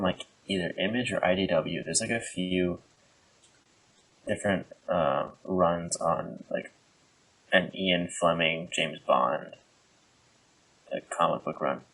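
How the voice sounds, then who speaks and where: A man co-hosting a podcast in casual, rambling chat, joking and filling pauses with "like" and "um". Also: low voice, fairly bright tone, husky, poor audio. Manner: rambling, jokey, many fillers. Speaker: podcast co-host.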